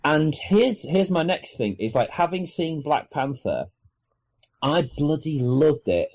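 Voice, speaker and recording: Lively husky Welsh podcast man. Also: on the high side, slow pace, low-quality recording. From Wales. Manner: animated, hesitant, many restarts. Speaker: podcast co-host. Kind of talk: casual chat.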